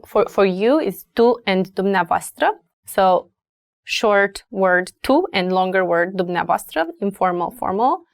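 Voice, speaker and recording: A woman with a Romanian accent teaches a language lesson at an unhurried pace. She says each word slowly and repeats it for her learners, in a dry, close sound. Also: medium pitch, dry recording.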